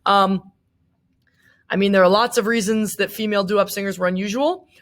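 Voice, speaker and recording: A woman's voice: medium pitch, steady tone, brisk. A young woman teacher giving a casual recorded lecture, chatty, with many fillers and asides.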